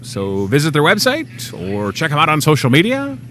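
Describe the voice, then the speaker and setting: A man's voice: a little high, huge pitch swings, normal speed, a bit bright, slight background noise. A man hosting a local TV show in casual on-air chat, chatty and joking at his own expense. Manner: chatty, joking, self-mocking.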